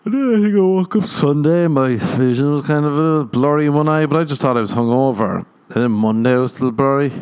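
A man's voice: medium pitch, fairly quick, hardly any pauses, a little mellow, clear, resonant tone. A young man, a comedian hosting a podcast, telling rambling self-mocking stories in a casual monologue and laughing at his own jokes. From Ireland. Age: young adult.

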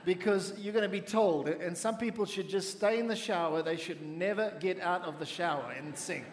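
Male pastor, high voice, measured sermon delivery, reverberant hall sound. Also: slight background noise. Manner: measured preaching with audience call-and-response.

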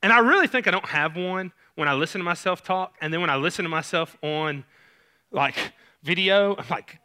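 A man's voice: high voice, brisk, sharp tone, clean tone. A man with a Southern US accent, a youth pastor preaching a sermon in a casual, conversational way with many fillers. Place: church sanctuary stage.

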